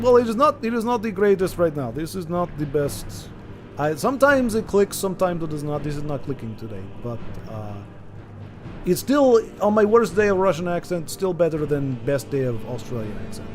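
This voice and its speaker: A man's voice: medium pitch, brisk, dark tone, soft background music, natural voice. A man on a game stream putting on a heavy mock Russian accent as a boastful, mock-solemn character with clipped broken-English grammar. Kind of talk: comic put-on voice during a game stream.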